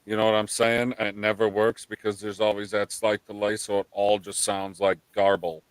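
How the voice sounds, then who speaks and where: A man's voice: on the low side, flat delivery, normal speed, clean tone, no room sound, poor audio. A man co-hosting a casual panel chat, sarcastic and teasing. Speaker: panel co-host.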